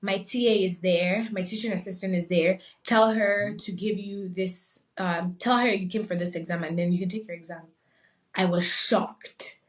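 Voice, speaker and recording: A young adult woman from Nigeria, a podcast guest, telling a story in a casual, animated way and acting out the voices of the people in it. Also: mid-range voice, moderate pace, recorded from a distance. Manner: animated, acts out quoted voices.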